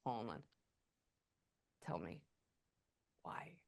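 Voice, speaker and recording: A woman giving a psychic reading over a video call, halting often with quiet murmured asides. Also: rumbling low, very animated, vocal fry, husky. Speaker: psychic medium.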